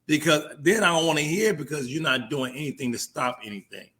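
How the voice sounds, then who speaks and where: A man's voice: on the high side, lively intonation, a little fast, bright, forceful tone. A man co-hosting a live talk stream, pushing back in a laid-back way, often restarting his sentences. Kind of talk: casual debate talk.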